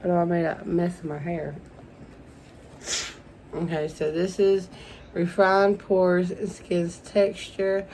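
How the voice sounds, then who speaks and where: A woman's voice: fairly low pitch, little pitch movement, slow, pauses often, darkish tone, a little hiss or hum, rough recording. Gushing young woman vlogger. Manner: gushing, emotional, calls viewers "y'all". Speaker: beauty vlogger. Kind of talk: casual unboxing vlog.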